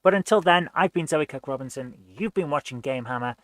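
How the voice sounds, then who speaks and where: A woman hosting a live gameplay stream, chatting casually and thinking aloud while she plays, with quick reactions. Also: deep voice, animated, dry recording. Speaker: streamer and show host.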